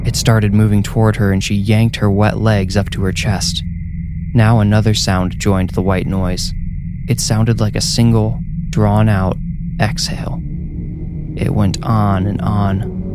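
Man telling a creepy bedtime story, deep-ish voice, music playing under him. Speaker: horror story narrator. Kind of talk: scripted horror narration. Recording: narration over loud music.

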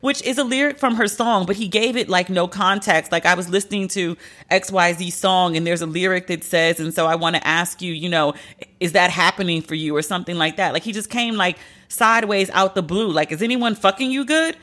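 Swooping, outspoken woman podcast host. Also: fairly quick. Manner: candid, profane and animated, with swooping pitch for emphasis. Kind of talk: casual commentary monologue.

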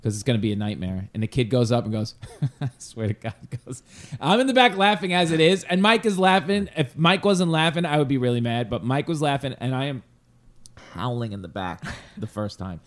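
Comedian co-host, animated storyteller who acts out his characters. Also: medium pitch, fairly quick. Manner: animated anecdote-teller who acts out the people in his stories.

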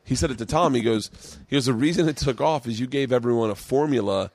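A man's voice: medium pitch, quick pace, creaky, no room sound. A middle-aged man hosting a podcast in casual chat, telling stories with lots of laughter, swearing freely and acting out what other people said. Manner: animated storytelling, acts out quotes, laughs often, swears freely. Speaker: podcast host, comedian.

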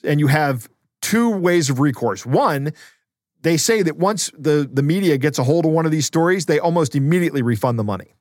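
A man's voice: a little high, expressive, brisk, darkish tone, no echo, clean studio sound. A man co-hosting a podcast in casual chat, talking loosely with fillers and laughs. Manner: conversational, with frequent fillers and laughs. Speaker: podcast co-host.

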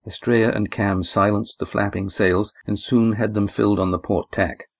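Low-voiced man narrating a story. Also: level tone, normal speed, vocal fry, dry recording. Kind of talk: audiobook narration.

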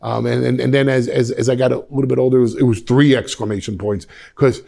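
A man in his fifties from Westchester, New York, speaks as a podcast guest, with a gravelly, fry-tinged voice at an ordinary pitch. He tells stories animatedly, restarting his sentences often and slipping into quoted voices. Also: fairly even intonation, quick pace, warm tone. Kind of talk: reflective storytelling in a podcast interview.

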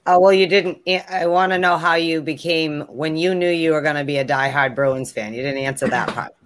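A woman's voice: sits low, a little fast. A woman co-hosting a podcast with an Eastern Massachusetts accent, asking direct, teasing questions. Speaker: podcast co-host. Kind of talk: casual interview chat.

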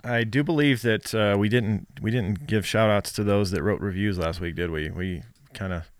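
A male podcast co-host in casual chat, reading sponsor spots and listener reviews in a relaxed, rambling way with fillers. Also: fairly low pitch, moderate pace, smooth, no room sound, clean studio sound.

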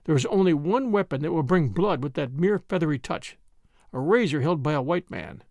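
A man voicing a mild, vague, gently wry priest detective in a dry audiobook reading, quiet and grave by turns. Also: a little high, expressive, brisk, dry recording.

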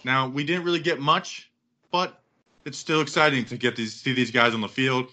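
A man hosting a casual sports podcast, talking in a rambling, excitable way and acting out other people's quotes. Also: mid-range voice, normal speed. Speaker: podcast host.

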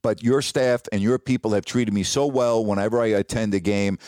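A middle-aged man spins a long, lively anecdote about his broadcasting career. His voice sits low, and the sound is dry and close with no room around it. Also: brisk, dry recording. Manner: animated anecdotal storyteller. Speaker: sportscaster guest. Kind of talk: casual storytelling on a podcast.

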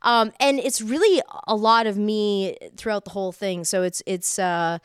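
A woman's voice: medium pitch, moderate pace, smooth, no echo, studio quality. A woman guest in casual chat, bubbly and gushing, laughing often.

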